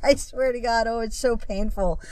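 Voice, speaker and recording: Woman podcast co-host, mid pitch, giggly and profane, dry close mic. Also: normal speed, no echo. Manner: giggly, profane, animated storyteller. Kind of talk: casual chat.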